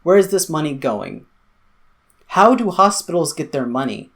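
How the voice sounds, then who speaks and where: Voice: mid-range voice, big pitch swings, moderate pace. A commentary vlogger, delivering an angry, sarcastic, profanity-filled political rant. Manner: sarcastic, profane, sputtering with anger.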